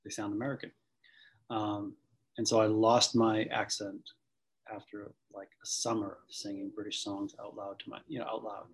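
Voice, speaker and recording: A man's voice: on the low side, level tone, moderate pace, breathy edge, poor audio. A man from the Boston area, an acting coach, talking thoughtfully in an interview with many restarts. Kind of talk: conversational interview.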